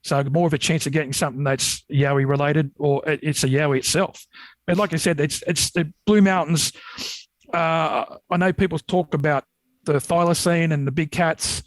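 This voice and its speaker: A man's voice: a little high, normal speed, no echo, poor audio. Australian man, rambling bush tales. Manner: rambling, animated when retelling scares. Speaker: podcast guest, Yowie researcher. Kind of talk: casual storytelling.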